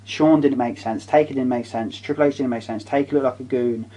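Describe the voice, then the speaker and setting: A man's voice: mid-range voice, steady tone, a little fast, mellow, slight background noise. A man in a casual chat, ranting in an exasperated, profane way.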